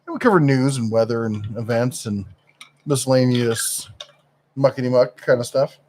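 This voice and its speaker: A man's voice: mid-range voice, lively intonation, normal speed, a little mellow, slight background noise. A middle-aged man chats casually as co-host of a live stream. He rambles and stops often to search for the right word, with lots of fillers.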